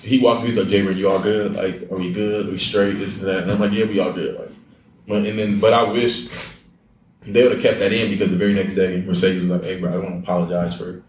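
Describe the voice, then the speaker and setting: A young man with a lowish voice tells a story in a casual, animated way, acting out the quotes. He sits back from the mic in an echoey room with a faint hiss. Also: fast talker, distant mic. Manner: animated, acts out quotes, laughs often. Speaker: reality show contestant telling a story.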